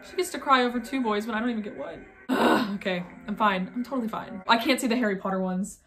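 A woman's voice: on the high side, fast talker, a little hiss or hum. A young woman talking casually and thoughtfully in a reaction vlog, with many fillers. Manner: soft-spoken, musing, filler-heavy. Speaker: vlogger reacting to videos.

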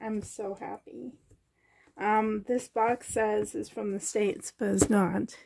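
A woman filming an unboxing vlog in her bedroom, gushing with excited exclamations and soft whispers. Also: mid-range voice, slow, gravelly, noisy background. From Canada. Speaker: doll collector vlogger. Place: bedroom at home.

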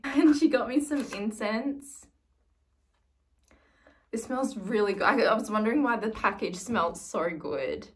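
A young woman vlogging as she unboxes a gift, gushing and excitable, swinging between squeals and soft murmurs. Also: mid-range voice, measured pace. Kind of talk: casual vlog, unboxing a gift. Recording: slightly distant mic with faint noise.

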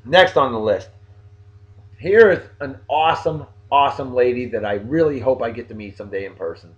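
A man's voice: mid-range voice, a little fast, lo-fi sound. A man with a New England accent hosting a casual video blog, joking as he talks straight to his viewers. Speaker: vlog host giving shout-outs.

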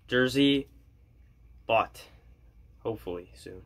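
A man vlogging as an excited hockey fan, gushing and jokey, repeating his lines. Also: on the high side, unhurried, long pauses. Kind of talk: excited fan commentary to camera.

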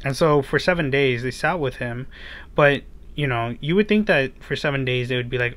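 A man's voice: mid-range voice, normal speed, fairly bright tone. A man preaching to children, retelling the story casually with many fillers and asking his listeners rhetorical questions. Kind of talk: storytelling sermon for kids.

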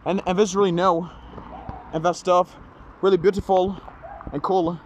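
High-pitched guy vlogging, rambles and trips over words, dogs barking in the back. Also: level tone, normal speed, a little hiss or hum. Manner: rambling, repeats himself, stumbles over words. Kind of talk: casual vlog chatter.

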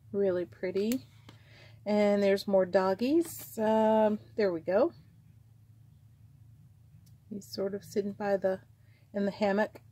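A middle-aged woman in casual show-and-tell chat, rambling warmly and drifting into tangents. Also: mid-range voice. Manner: chatty, rambling, trails off into tangents. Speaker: vlogger selling vintage craft supplies.

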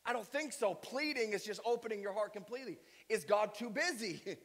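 A man's voice: sits high, lively intonation, a little fast, a bit bright, long reverb tail. A male pastor preaching a sermon with emphatic delivery and strings of rhetorical questions. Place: church sanctuary.

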